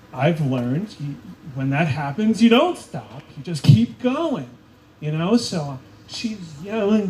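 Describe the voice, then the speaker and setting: A man coach giving a ceremony speech, telling lively stories and acting out quoted voices. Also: a little high, takes it slowly, a little hiss or hum, low-quality recording. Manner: animated storytelling with voiced quotes. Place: school event space.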